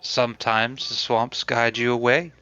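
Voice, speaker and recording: A man's voice: medium pitch, flat delivery, a little slow, bright, forceful tone, clean tone, lo-fi sound, soft background music. A man voicing a cryptic man of the swamps who speaks in solemn, mystical sayings.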